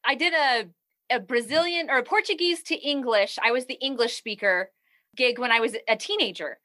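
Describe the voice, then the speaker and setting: A woman's voice: a little high, moderate pace, sharp tone. A woman hosting a casual interview, asking curious, encouraging questions. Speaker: interview host.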